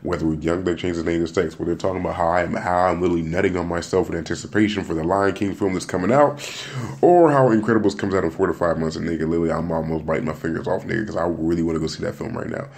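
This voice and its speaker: Speaking very fast with vocal fry, this young man's low, slightly mellow voice stays fairly even in intonation. He's hosting his own podcast as a casual solo monologue, joking, rambling, repeating words and restarting sentences often.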